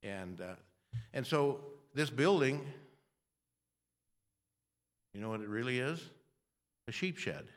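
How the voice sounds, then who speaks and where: An older man preaching a sermon in a rambling, self-deprecating way, with restarts and throat clearing. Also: mid-range voice, animated, takes it slowly, pauses often.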